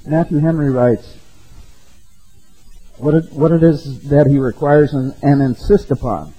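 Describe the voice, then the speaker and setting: A man delivers a sermon in a relaxed, talk-to-you way, checking in with "okay?" and "right?". His voice is mellow and a little husky, with soft music faintly underneath. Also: a little high, measured pace, long pauses, lo-fi sound. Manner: conversational, peppered with "okay?" and "right?". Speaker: pastor.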